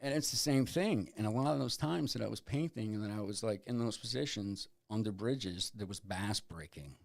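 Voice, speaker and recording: A man, an artist and angler being interviewed, talking in a relaxed, laid-back way with lots of "you know". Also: lowish voice, normal speed, creaky. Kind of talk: casual interview.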